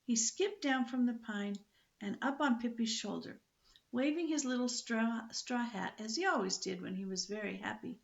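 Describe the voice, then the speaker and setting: An older woman reading a children's book aloud in a lively, expressive storytelling manner. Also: on the high side, normal speed, vocal fry, dull audio.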